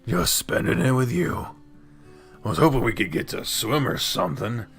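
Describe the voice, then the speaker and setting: A man voicing a big, affectionate, lazy male bear in a game, speaking gently and teasingly. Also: mid-range voice, big pitch swings, normal speed, creaky, soft background music. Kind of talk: voiced game dialogue.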